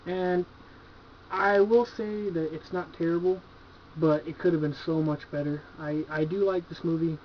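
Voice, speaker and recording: A man's voice: fairly high pitch, fairly even intonation, normal speed, a little hiss or hum. A man casually reviewing horror movies from his collection at home, laid-back and enthusiastic, swearing freely and filling his talk with "like" and "you know.". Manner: laid-back, profane, enthusiastic, filler-heavy. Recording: dull lo-fi home video recording.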